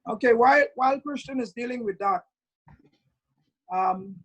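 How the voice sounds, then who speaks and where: A middle-aged man teaching referees over a video call in an online training lecture, emphatic and drawing out key words slowly. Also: extremely high pitch, low-quality recording. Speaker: referee instructor.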